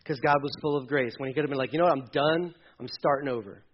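A male pastor preaching a sermon to a congregation, emphatic and urgent, dropping into quiet asides. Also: mid-range voice, fast talker, highs cut off, a little hiss or hum. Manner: emphatic, swings between loud urging and quiet asides. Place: church hall with a congregation.

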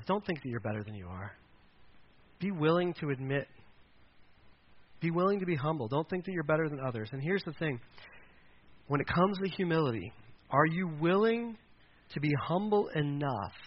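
A man's voice: on the high side, highs cut off, slight background noise. A pastor preaching a sermon in a conversational way, acting out quoted voices as he goes.

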